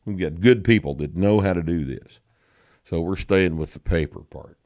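A man's voice: low voice, moderate pace, a little mellow, no echo, clean studio sound. A man hosting a casual podcast chat, blunt and opinionated, with some profanity. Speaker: show host.

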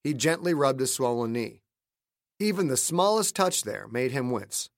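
A man narrating a thriller audiobook he wrote, in a steady, measured storytelling manner. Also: medium pitch, dry recording, clean studio sound. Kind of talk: scripted narration.

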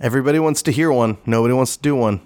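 A man's voice: medium pitch, very fast, a little mellow, no echo, clean studio sound. A man co-hosting a podcast, telling a story in a rambling way and laughing easily. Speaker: podcast co-host. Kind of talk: casual chat.

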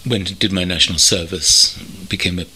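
An older man from North London, reminiscing thoughtfully as an interview guest, pausing often with ums. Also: sits low, steady tone, sharp tone, slight background noise. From North London, England. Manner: thoughtful, measured, with many pauses and ums. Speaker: interview guest, veteran copywriter. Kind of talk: reflective reminiscing. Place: country home.

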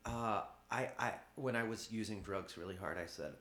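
A man, a guest artist, speaking candidly in an interview, halting with many restarts and occasional laughs. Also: on the low side, fairly bright tone, reverberant.

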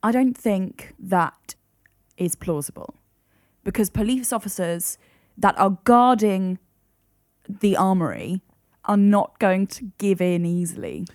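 A woman's voice: mid-range voice, expressive, takes it slowly, pauses often, a little mellow, no echo, clean studio sound. A woman co-hosting a casual true-crime podcast, teasing and sarcastic, questioning the story. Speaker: podcast co-host.

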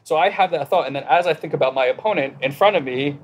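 Fast-talking man telling a story. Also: on the high side, a little hiss or hum. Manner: animated, acts out inner dialogue. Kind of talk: casual conversation, personal storytelling.

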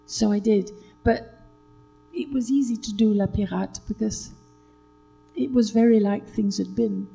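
An older British actress, a guest telling stories in a relaxed chat, hesitant with many fillers and restarts. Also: female voice, fairly high pitch, measured pace, creaky, long pauses, husky, soft background music, low-quality recording. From Britain.

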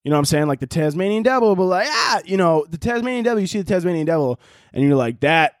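A man's voice: high voice, expressive, fast, no room sound, studio quality. A man in his twenties with a Chicago accent, ranting profanely and laughing as a solo podcast host. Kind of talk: casual solo podcast rant.

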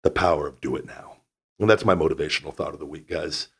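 Deep-voiced blunt podcast host. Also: male voice, fast talker, gravelly, a bit bright, breathy edge. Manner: blunt, profane, rambling with restarts. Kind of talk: casual motivational monologue.

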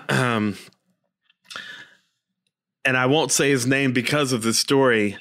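A man's voice: medium pitch, slow, fairly bright tone. A man co-hosting a casual talk, telling a story and acting out the quotes with big jumps in his voice.

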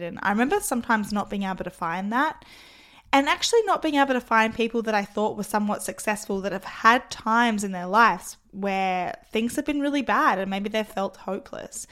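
A woman hosts her own podcast in a loose, chatty solo talk. Her voice is croaky and a little rough from losing it recently. She speaks openly, with casual fillers. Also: mid-range voice, fairly bright tone. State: hoarse after losing her voice. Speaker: podcast host.

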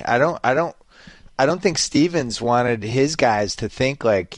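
A man's voice: mid-range voice, moderate pace, dry recording, studio quality. A man, hosting a casual sports chat and rambling along with lots of fillers. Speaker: podcast host.

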